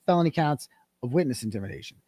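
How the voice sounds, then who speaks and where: A man's voice: mid-range voice, lively intonation, rapid-fire, warm tone, breathy edge, no echo, clean studio sound. A man being interviewed, telling his story bluntly and with animation, swearing at times. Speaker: guest, independent journalist. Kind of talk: conversational interview.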